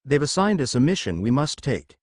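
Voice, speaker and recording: A man's voice: medium pitch, big pitch swings, brisk, no room sound, clean studio sound. A man voicing an eager teenage boy wizard urging the others on.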